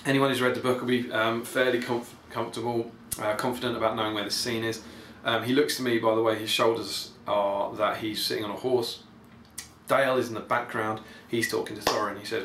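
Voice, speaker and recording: A man's voice: fairly low pitch, fairly even intonation, a little fast, fairly bright tone. A man hosting a podcast, giving casual, rambling and enthusiastic commentary full of ums. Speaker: podcast host. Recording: echoey room, faint background noise.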